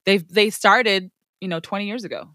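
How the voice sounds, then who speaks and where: A woman in her thirties from the United States co-hosting a podcast, chatting casually and swearing freely, acting out other people's lines in a high voice. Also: moderate pace, no room sound, clean studio sound. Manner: animated, profane, acts out quotes in a high voice. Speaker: podcast co-host. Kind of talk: casual chat.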